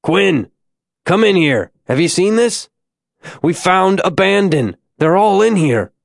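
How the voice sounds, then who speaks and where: A man reading an audiobook, voicing an excited male historian calling out through a cave. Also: high voice, slow pace, gravelly, dry recording, studio quality, pitched above the performer's own voice, full character voice. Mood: excited shouting. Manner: calling out loudly.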